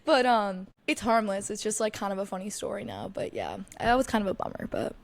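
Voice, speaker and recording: With a gravelly, sing-song voice at medium pitch, a young podcast host talks on her own in a relaxed style. She chats through her stories, fills them with "like," and curses plenty. Quick tangents pop up throughout.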